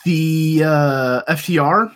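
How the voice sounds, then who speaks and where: Relaxed man recapping with amused asides. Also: on the high side, takes it slowly, clear, resonant tone. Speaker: podcast co-host. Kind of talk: casual chat.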